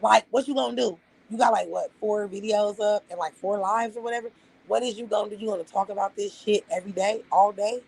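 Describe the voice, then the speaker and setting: Woman streamer, Las Vegas vernacular, husky and gravelly, profane rambling rant to chat. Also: mid-range voice, steady tone, brisk, a little mellow, poor audio. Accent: Las Vegas, African American Vernacular English. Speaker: livestream host. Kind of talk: casual livestream rant.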